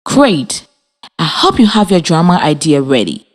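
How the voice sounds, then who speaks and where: A woman from Liberia teaching a children's reading lesson over radio, speaking slowly and clearly with encouragement. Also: low voice, very animated. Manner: slow, clear, encouraging, spells and claps out words. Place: radio studio with students.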